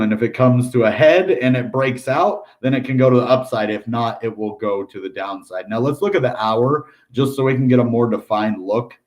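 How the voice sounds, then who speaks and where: This is a lowish, darkish male voice belonging to an American crypto channel host. He talks loosely through price charts in a casual analysis stream, staying chatty and upbeat with plenty of filler words, "dude," and bright side comments.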